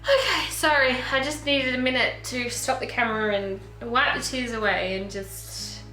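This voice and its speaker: A young woman talks to her camera in a personal video diary, her voice tearful and halting. The tone is bright and somewhat high. The room sounds echoey, with faint music underneath. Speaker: vlogger.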